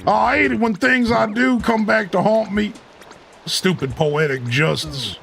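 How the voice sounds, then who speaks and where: A man's voice: high-pitched, measured pace, gravelly, fairly bright tone, soft background music, pitched above the performer's own voice, heavily acted. A man voicing a gloomy video game villager, reading the dialogue in a put-on country drawl. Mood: sulky.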